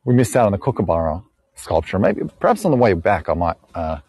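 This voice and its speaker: A man's voice: low-pitched, big pitch swings, quick pace, a little mellow, breathy edge. An Australian man chatting with live viewers on an outdoor walking tour, rambling, joking and laughing often. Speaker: live-stream tour guide. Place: outdoors on a bush walk.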